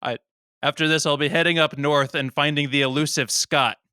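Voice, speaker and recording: A man co-hosting a comedy podcast in casual chat, tossing out quick joking asides. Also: fairly high pitch, steady tone, pushed and bright, clean tone, no room sound, studio quality. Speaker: podcast co-host.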